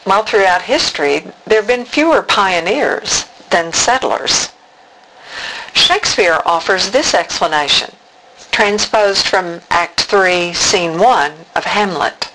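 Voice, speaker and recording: A woman in her later years reads her reflective writing aloud at an unhurried pace. She speaks with measured pauses between phrases, and a faint ambience sits behind her voice. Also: mid-range voice, lively intonation, pushed and bright, slight background noise, low-quality recording. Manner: slow, deliberate reading with measured pauses. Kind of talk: reflective spoken-word reading.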